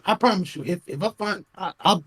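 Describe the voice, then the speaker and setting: A man co-hosting a podcast, talking excitedly, interrupting and stammering through restarts. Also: high voice, a little fast, a crowd in the background. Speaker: podcast co-host. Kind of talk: heated casual podcast talk.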